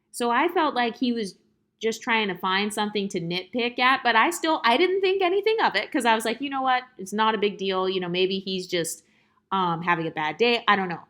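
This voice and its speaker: A woman's voice: fairly high pitch, a bit bright. A woman telling a casual storytime, exasperated and sarcastic, firing off rhetorical questions with salty, profane language. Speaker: storytime vlogger.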